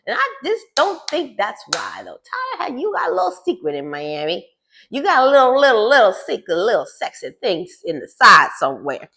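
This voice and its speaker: Sassy, animated woman dishing gossip. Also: mid-range voice. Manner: sassy, teasing, talks straight to the cast. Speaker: reality TV recap host. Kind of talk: casual gossip recap.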